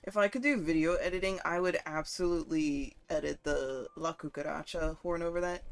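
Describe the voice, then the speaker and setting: A woman streamer chatting casually and profanely while she plays a game, getting worked up and loud at times. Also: deep voice, fairly quick, hardly any pauses. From northern United States. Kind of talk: casual gaming stream chat.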